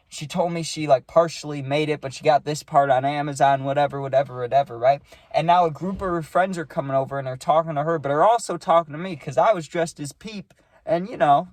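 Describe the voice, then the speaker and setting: A man's voice: fairly high pitch, no echo. Rambling young man telling a story. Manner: animated, rambling, with many likes and rights. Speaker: storytime vlogger. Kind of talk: casual storytelling.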